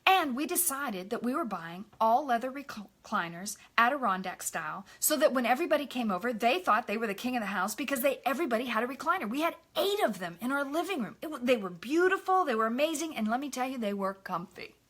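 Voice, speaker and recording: A woman's voice: a little high, quick pace, few pauses. A middle-aged woman hosting a live online talk, telling a personal story in a candid, confiding way and greeting viewers by name. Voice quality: bright, expressive voice. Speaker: ministry host.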